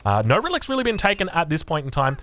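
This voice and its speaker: A man with an Australian accent casting a strategy game match, excitable and rambling, with chatty asides. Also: a little high, fast, faint music behind. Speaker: game commentator. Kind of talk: casual live strategy game commentary.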